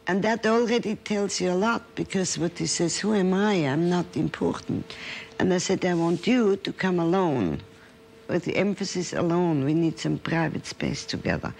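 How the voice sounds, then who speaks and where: Female psychiatrist lecturer, gravelly, earnest case-story teller. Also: lowish voice, a little mellow, slight background noise. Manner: earnest storytelling, checks in with the audience.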